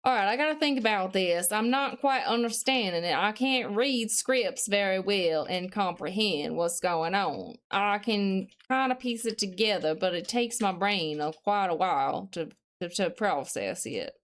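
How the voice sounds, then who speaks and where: A woman's voice: medium pitch, lively intonation, measured pace, a bit bright. A woman streamer chatting casually on a live stream, reading chat messages aloud, answering them, and thinking aloud while she studies.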